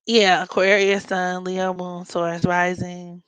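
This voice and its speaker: A woman's voice: lowish voice, little pitch movement, slow pace, a bit bright, clean tone, no echo, rough recording. A woman from Maryland with a Baltimore accent, hosting a casual astrology chat in a blunt, profane, joking way. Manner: blunt, profane, joking, playful mock voices. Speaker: astrology podcast host.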